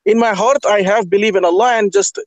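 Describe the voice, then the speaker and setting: A man calling in to argue a religious point, halting and repeating himself as he questions the host. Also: sits high, fairly even intonation, no echo. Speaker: caller. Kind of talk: heated religious debate.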